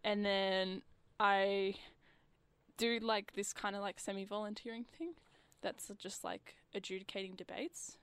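A young woman chatting casually on the radio, full of "like" fillers and quick impressions of customers. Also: medium pitch, steady tone, fairly bright tone, smooth, no room sound. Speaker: guest.

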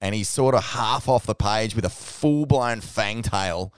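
A man's voice: lowish voice, measured pace, clean tone, no echo, clean studio sound. A man hosting a casual chat, telling stories animatedly and swearing freely. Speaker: podcast host.

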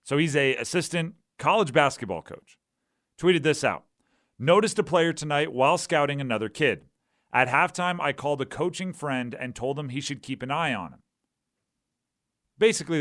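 A man's voice: mid-range voice, expressive, normal speed, a bit bright, no echo. A man hosts a sports talk radio show and riffs on trades in a casual monologue. He talks conversationally and keeps checking in with the listener. The sound is dry and close, with no room around it. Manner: conversational, keeps asking "right?".

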